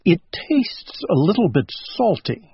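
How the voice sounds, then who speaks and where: A gentle, simple-minded little owl, as a man puts him on, talking in a raised voice that leaps up and down as he speaks. His lines come slowly from a dull, lo-fi storybook recording. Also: sits high, sing-song, slightly rough, no room sound, voice pushed up, heavily acted. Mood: content. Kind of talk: storybook read-aloud.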